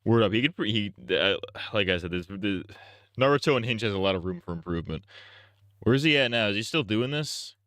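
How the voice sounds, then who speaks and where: A man's voice: fairly low pitch, expressive, brisk, a bit bright, no echo. A man streaming live and reacting to videos in casual commentary, thinking aloud with restarts and plenty of profane slang.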